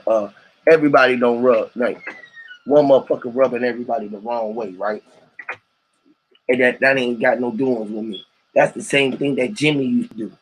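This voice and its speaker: A man's voice: mid-range voice, slight background noise, rough recording. A man hosting a live stream, rambling in heavy slang with profanity and lots of rhetorical questions, greeting callers who join a voice chat.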